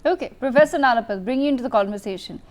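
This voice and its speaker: A woman news anchor moderating a live panel, asking brisk, formal questions. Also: fairly high pitch.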